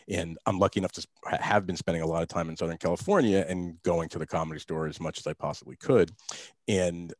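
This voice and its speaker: A man's voice: deep voice, quick pace, a little mellow, dry recording, studio quality. A man hosting a podcast, talking in a rambling, eager way in casual chat. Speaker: podcast host.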